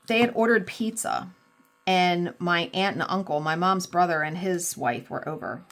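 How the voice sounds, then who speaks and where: A woman's voice: fairly low pitch, animated, normal speed, fairly bright tone, soft background music. A woman in her forties chatting candidly as a crafting vlogger, rambling and swearing freely while she works. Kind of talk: casual storytelling chat while crafting.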